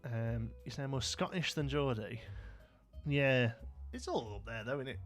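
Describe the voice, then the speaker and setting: Male streamer, casual rambling commentary while playing, mid-pitched voice. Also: big pitch swings, moderate pace, soft background music. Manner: chatty and rambling, chats with viewers. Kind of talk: live gameplay commentary.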